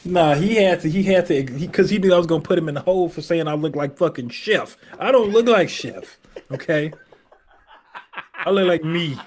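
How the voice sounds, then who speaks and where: A man's voice: on the high side, a little fast, a little mellow. A man co-hosting a casual live podcast, speaking in AAVE with mock-indignant, exasperated humor. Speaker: podcast co-host. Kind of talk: casual comedic banter.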